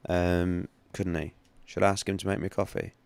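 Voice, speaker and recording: A man's voice: sits low, level tone, normal speed, creaky, dry recording. A man hosting a casual livestream about trading, rambling and chatty with many restarts. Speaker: livestream host, trading analyst.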